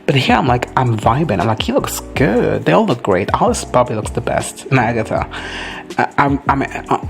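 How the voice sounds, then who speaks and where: A man giving a casual reaction recap of a TV episode, gushing, swearing freely and briefly acting out characters in quick high voices. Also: sing-song, vocal fry, faint music behind. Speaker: reaction vlogger.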